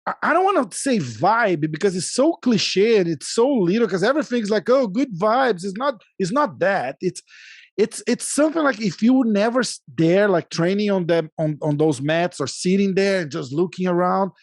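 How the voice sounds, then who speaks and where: A man's voice: high-pitched, animated, moderate pace, dry recording, clean studio sound. A man speaking earnestly and emphatically in casual chat, repeating his points.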